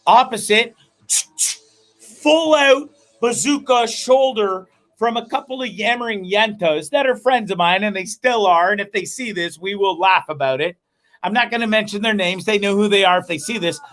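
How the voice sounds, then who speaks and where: A man hosting a comedic live show, telling stories in a rambling, profane, animated way. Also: high-pitched, normal speed. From Canada. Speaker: host.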